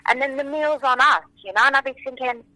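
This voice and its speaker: Bright, animated woman with a French mother tongue. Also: sits high, quick pace, no echo, poor audio. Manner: animated, enthusiastic, acts out quotes. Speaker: interview guest, singer. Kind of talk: casual interview storytelling.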